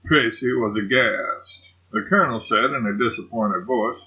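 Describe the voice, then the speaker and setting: A man narrates a classic novel in steady storytelling fashion. His voice sits at a middling pitch for a man. The home recording sounds slightly dull. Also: moderate pace, hardly any pauses. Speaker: audiobook narrator. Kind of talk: reading a classic novel aloud.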